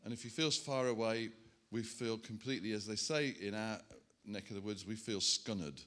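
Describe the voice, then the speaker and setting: A man preaching a sermon, animated and self-mocking, chatting with the congregation as he works through a demonstration. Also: on the low side, moderate pace. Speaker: pastor. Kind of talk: sermon with props. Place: church hall.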